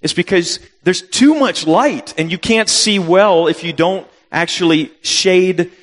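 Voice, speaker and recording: A man in his fifties, a missionary telling a funny personal story in a sermon, acting out his own reactions with sudden loud jumps. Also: high voice, unhurried. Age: 50s. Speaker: missionary preacher. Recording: long reverb of a hall.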